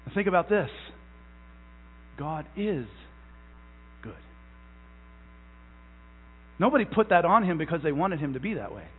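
Young male pastor, emphatic sermon delivery, halting repeats, long church reverb. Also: fairly high pitch, very animated, slightly rough. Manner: emphatic, stretches out key words; repeats phrases, halting restarts. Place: church sanctuary. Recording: tinny phone-like sound in a long-echo hall.

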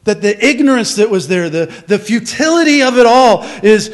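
A man preaching a sermon as pastor, emphatic, with rhetorical questions, swinging from loud to hushed. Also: sits high, expressive, normal speed, few pauses.

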